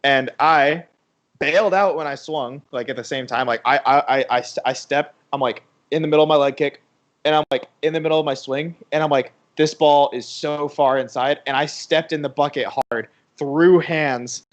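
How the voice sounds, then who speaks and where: On a muffled recording, a young man with a slightly high voice speaks at normal speed while co-hosting a baseball watch party. He rambles through a casual anecdote, packed with fillers.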